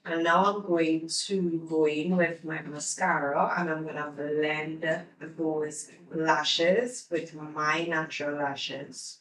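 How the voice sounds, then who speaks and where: A woman vlogger talking through her makeup routine in a relaxed, chatty, step-by-step way, her eyes teary. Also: low voice, roomy sound, recorded from a distance, low-quality recording. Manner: slow, chatty step-by-step instructions. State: teary-eyed. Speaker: beauty vlogger. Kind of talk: casual makeup tutorial talk.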